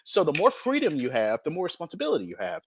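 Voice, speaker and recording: Male podcast host, casual chat, emphatic and profane; high, lively voice, dry sound. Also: fast, slightly rough, no echo. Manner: animated, acts out quoted dialogue.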